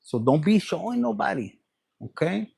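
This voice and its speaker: A man's voice: high-pitched, very animated, moderate pace, creaky, dark tone, breathy edge, no room sound. A man giving a casual tarot reading, playful and profane, dropping Spanish phrases. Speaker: tarot reader.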